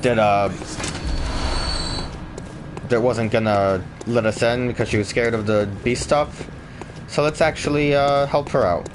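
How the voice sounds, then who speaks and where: A man's voice: mid-range voice, fairly even intonation, measured pace, pauses often, noisy background. A man casually commenting on his video game playthrough in a joking, sarcastic way. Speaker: let's play host. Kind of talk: gaming commentary. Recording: game music underneath.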